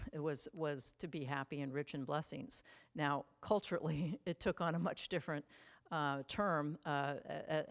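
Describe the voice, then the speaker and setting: A woman teaches a Bible study in an easygoing, conversational manner. Her voice sits low, and she often pauses on fillers and restarts her sentences as she explains. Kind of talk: casual Bible study talk.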